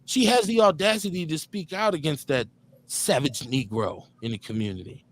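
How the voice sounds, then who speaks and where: A man's voice: a little high, moderate pace. A man hosting a live talk show, joking, streetwise and profane in casual banter. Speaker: host.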